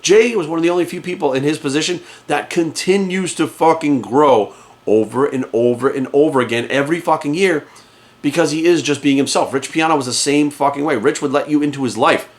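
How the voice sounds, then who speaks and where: A man in his office talks straight into a camera in a quick, heated rant. His voice sits a bit high for a man, and he swears constantly for emphasis as he pushes his points. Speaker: fitness coach. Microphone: camera in front of him.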